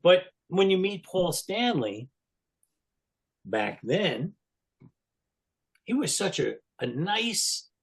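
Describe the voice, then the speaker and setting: A man's voice: sits high, very animated, extremely slow, creaky, long pauses, breathy edge. Man, sixties, podcast guest, rambling storyteller, casual fillers. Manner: rambling, lots of "you know" fillers, laughs mid-story. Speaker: guest, longtime fan.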